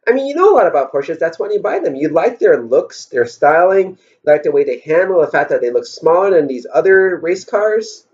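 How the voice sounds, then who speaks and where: A man's voice: fairly high pitch, big pitch swings, brisk, few pauses, a little mellow. A man vlogging in a rambling, wry storytelling style, musing aloud and asking rhetorical questions, on a dull lo-fi recording. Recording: dull lo-fi sound.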